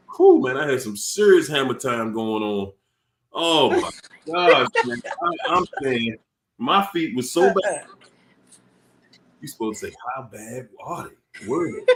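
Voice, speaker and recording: A man's voice: mid-range voice, a little hiss or hum. Casual DC-accented male stream host, playful and laugh-prone, roomy echo on the voice. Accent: Washington DC. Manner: playful, laughs often, animated. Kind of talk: casual chat greeting viewers.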